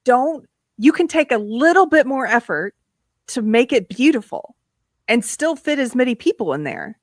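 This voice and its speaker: A woman hosting a casual live-stream talk show, laughing often and ranting in an animated way. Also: a little high, moderate pace, no room sound, clean studio sound. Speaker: host.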